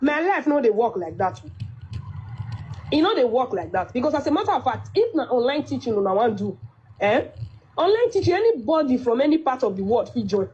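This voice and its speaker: A woman's voice: sits high, big pitch swings, a little fast, darkish tone, slightly rough. A woman with a Nigerian Pidgin English accent giving a firm, lecturing complaint in a played clip. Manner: firm, lecturing, quoting others. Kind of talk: complaining monologue. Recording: dull lo-fi clip.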